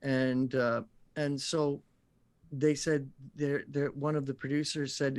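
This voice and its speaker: A man's voice: mid-range voice, slow pace. A man who works as a voice actor, telling stories as a guest on a talk show and acting out the voices of the people he quotes. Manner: animated storyteller who acts out quoted voices.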